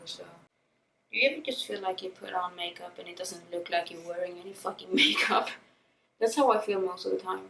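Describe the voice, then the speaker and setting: A woman's voice: fairly low pitch, creaky, a bit bright, reverberant, distant mic, slight background noise, rough recording. A young woman from Sweden with a Swedish accent, chatting frankly as she does her makeup for a beauty vlog, swearing freely and laughing often. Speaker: beauty vlogger. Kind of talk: chatty get-ready-with-me vlog. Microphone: camera-mounted mic, a little far.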